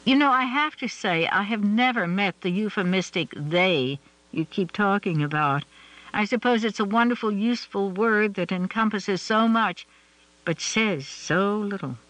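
Man doing a tired wry woman, dry ironic comebacks, bright voice. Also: sits high, normal speed, dry recording, low-quality recording. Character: weary, wry woman with an illness.

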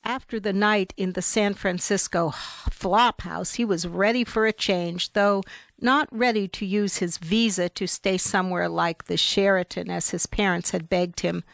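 Slow, measured woman narrating a novel. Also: mid-range voice, gravelly, dry recording. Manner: measured, even storytelling. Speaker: audiobook narrator.

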